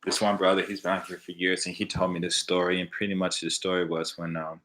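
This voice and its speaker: A man from Los Angeles with an American accent, telling stories in a casual, animated way and acting out the voices of people he quotes. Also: deep voice, quick pace, slight background noise. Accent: American English. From Los Angeles, USA. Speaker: vlogger answering viewer questions. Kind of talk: casual storytelling.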